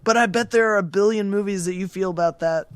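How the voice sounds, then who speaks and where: A man co-hosting a film podcast, talking in a rambling, halting way with frequent restarts as he searches for words. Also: high-pitched, fairly bright tone, clear, resonant tone, no room sound. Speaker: podcast co-host. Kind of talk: casual film discussion.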